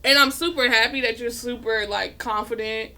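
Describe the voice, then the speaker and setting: Playful high-voiced woman co-host. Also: moderate pace, pushed and bright. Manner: playful, teasing, laughing. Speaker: podcast co-host. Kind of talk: casual chat.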